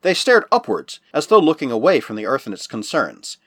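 Husky man narrating with lively pitch. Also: no echo, clean studio sound. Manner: measured storytelling with lively rises and falls. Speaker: audiobook narrator. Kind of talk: scripted narration of a novel.

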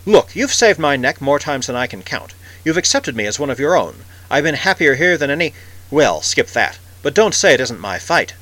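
Tough male outlaw, blunt and tense, bright forceful tone; a man reads the part. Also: mid-range voice, sing-song, normal speed, pitched above the performer's own voice, poor audio. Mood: insistent. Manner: hard, clipped and insistent.

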